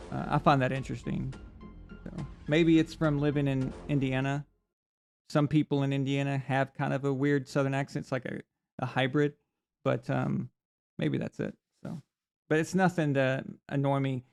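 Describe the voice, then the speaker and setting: A man's voice: medium pitch, vocal fry. A man hosting a live sports talk stream, rambling through opinions with lots of restarts and fillers. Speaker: sports talk show host. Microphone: desk mic on camera.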